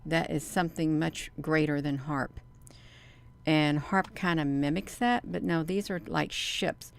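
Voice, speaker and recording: Woman hosting a casual livestream; low, gravelly voice; excited. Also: measured pace. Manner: excited, talks to viewers as "you all". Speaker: video creator.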